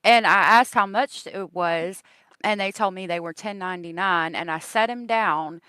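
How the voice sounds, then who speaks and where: Woman, live-stream host, casual rambling chat, gushing and thankful, smooth clear voice, dry close mic. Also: fairly low pitch, normal speed, no room sound. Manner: chatty and gushing, thanking viewers warmly; rambling with many ums and likes.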